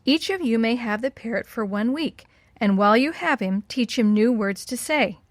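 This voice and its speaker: A woman voicing a kindly, sly little old woman in a storybook tale, speaking in a gentle, coaxing way. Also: fairly high pitch, animated, normal speed, dry recording, natural voice.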